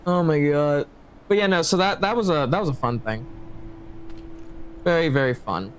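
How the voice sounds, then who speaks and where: A man's voice: fairly high pitch, lively intonation, moderate pace, slight background noise. A man streaming a game, talking casually and animatedly, swearing a lot and laughing often. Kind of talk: casual gameplay commentary.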